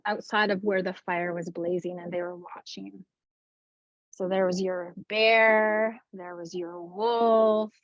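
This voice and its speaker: A woman's voice: medium pitch, dry recording, lo-fi sound. Reflective woman giving a wellness talk. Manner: gentle, reflective, uneven pace with slow stresses. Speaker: wellness speaker. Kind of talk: webinar talk with storytelling. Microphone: video call.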